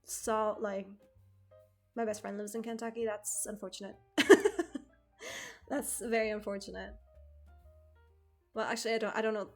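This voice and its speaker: A young woman streamer from outside the United States chatting casually with her chat, rambling and excitable, swearing freely and packing her talk with fillers. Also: mid-range voice.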